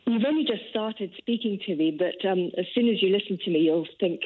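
A woman's voice: medium pitch, a little fast, husky. A woman who grew up in Kenya, calling in to a radio show and speaking articulately with a few ums. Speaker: caller, business partner. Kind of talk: phone-in call. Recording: tinny phone line.

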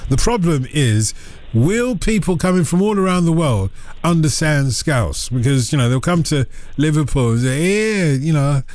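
A man's voice: moderate pace, dry recording. A man hosting a radio phone-in, chatting casually and playfully with callers. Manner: chatty and playful, with lively pitch swings. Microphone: studio microphone.

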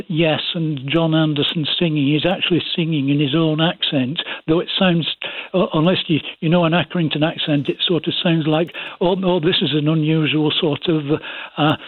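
A man's voice: fairly high pitch, no room sound. A man calling in to a radio phone-in, rambling and hesitant with many fillers. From England. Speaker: radio caller. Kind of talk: phone-in chat. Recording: tinny phone line.

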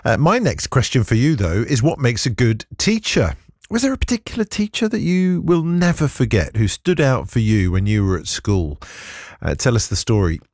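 A man's voice: mid-range voice, big pitch swings, moderate pace, a little mellow, no echo, studio quality. A man hosting a radio phone-in, talking conversationally with plenty of hesitations. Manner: conversational, hesitant with many fillers.

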